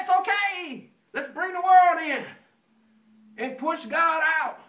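A man's voice: very high voice, bright, forceful tone, roomy sound, distant mic. A man preaching a sermon in a folksy way, acting out stories with sound effects and calling for amens. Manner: folksy storytelling, acts out anecdotes with sound effects; call and response. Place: church sanctuary.

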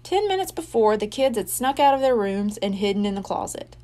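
A woman reading a children's mystery book aloud, slowly and expressively. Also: mid-range voice, big pitch swings, dark tone. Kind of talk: read-aloud storybook narration.

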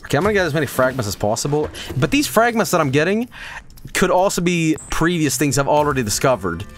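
A man streaming a video game live, talking to his chat in a casual, excitable way, swearing often and breaking into loud repeated exclamations. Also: on the high side, quick pace, slight background noise. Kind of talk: live gameplay commentary.

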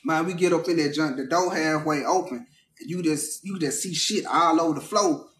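High-voiced man telling a wild story. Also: moderate pace, echoey room. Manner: animated, profane, acts out the people he quotes. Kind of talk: casual storytelling.

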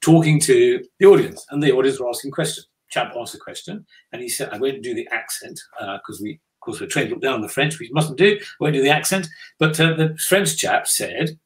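A man's voice: medium pitch, lively intonation, a little fast, poor audio. Older man telling a business anecdote. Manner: anecdotal, dry self-deprecating humor, frequent restarts. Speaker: business leader guest. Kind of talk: conversational interview storytelling.

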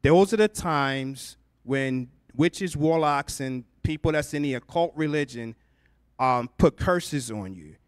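A man's voice: mid-range voice, lively intonation, slow pace, clean tone, dry recording, studio quality. A man preaching a sermon, telling his own testimony and then reading scripture aloud in fervent, rising prayer.

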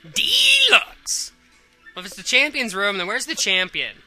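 A woman gives casual, jokey gameplay commentary, slangy and quick to get excited. Her voice is very bright and lively in pitch, with faint music underneath. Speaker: let's play host.

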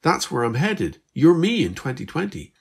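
A man's voice: wildly swooping pitch, moderate pace, vocal fry, breathy edge, exaggerated voice. A man voicing Liz, a bewildered Irish teenage girl who gets upset easily, in a raised, pleading voice. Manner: shocked, pleading, high-pitched.

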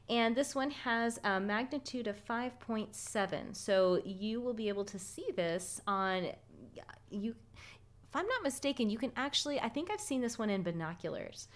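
A woman from California hosting an astronomy livestream outdoors at night, chatty and quick to laugh. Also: medium pitch. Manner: chatty, laughs often, lively storytelling. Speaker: astronomy club host. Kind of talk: casual livestream stargazing talk.

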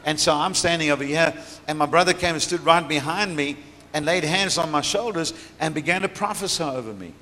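This middle-aged man, pitched on the high side, talks fairly quickly in a sharp tone. He's giving a sermon testimony, narrating a story and frequently laughing, and the echoing church hall carries faint background noise.

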